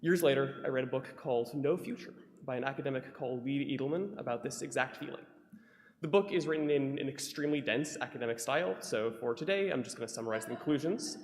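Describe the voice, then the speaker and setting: A speaker giving a prepared reflection from a church pulpit, earnest and measured with a dry humor. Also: male voice, medium pitch. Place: church sanctuary. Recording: echoey hall with long reverb.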